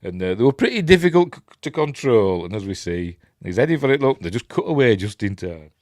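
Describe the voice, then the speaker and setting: A man's voice: medium pitch, sing-song, brisk, no echo, studio quality. A man with a Yorkshire accent hosting a casual film commentary, rambling through chatty asides and rhetorical questions. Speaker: film reviewer, channel host.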